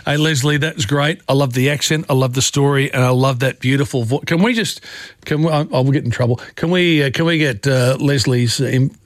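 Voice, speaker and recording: A man's voice: medium pitch, no echo. Chatty male talkback radio host. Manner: chatty, encouraging, quick to react.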